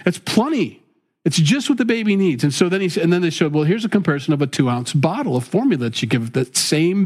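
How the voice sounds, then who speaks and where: This middle-aged father and faith-based talk host has a husky voice on the high side. His talk is casual and earnest but wandering, full of restarts, and it drifts into preaching about faith.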